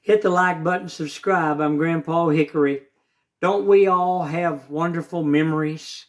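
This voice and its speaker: A man's voice: on the high side, steady tone, unhurried. A man in his seventies telling a childhood story as a channel host, in a folksy way and talking straight to his viewers. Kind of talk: casual storytelling of childhood memories.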